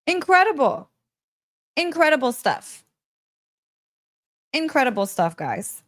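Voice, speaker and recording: Excitable woman podcast host, laughing often. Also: fairly high pitch, unhurried. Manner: excitable, emphatic, laughs often, repeats phrases. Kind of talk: animated storytelling monologue.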